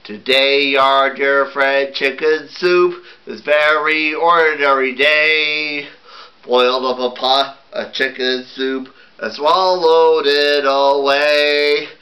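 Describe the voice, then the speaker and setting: A man's voice: mid-range voice, steady tone, slow, bright, forceful tone, rough recording. A man doing a bossy show-off puppet girl. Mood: dramatic. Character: bossy showy young girl, puppet star. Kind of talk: puppet musical singing.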